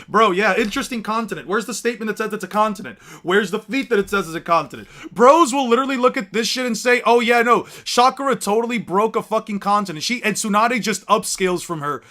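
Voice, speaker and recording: A man's voice: high-pitched, pushed and bright. A young man ranting in exasperated, profane, mocking commentary as a YouTuber.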